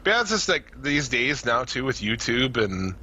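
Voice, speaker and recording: A man co-hosting a podcast in casual chat, loose and profane, laughing often, his voice going hoarse. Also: mid-range voice, very animated, moderate pace, pushed and bright, muffled recording, a little hiss or hum. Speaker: podcast co-host.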